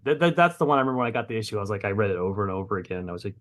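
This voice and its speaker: A man's voice: mid-range voice, rapid-fire, hardly any pauses. A man being interviewed on a podcast, rambling and self-mocking, swearing casually and restarting his sentences often. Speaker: comic book writer guest.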